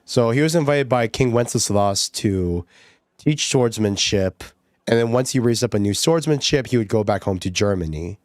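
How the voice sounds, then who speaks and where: A man's voice: on the low side, expressive, moderate pace, no room sound, clean studio sound. A male streamer chatting casually while gaming, giggling often and rambling with lots of fillers. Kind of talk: casual livestream chat.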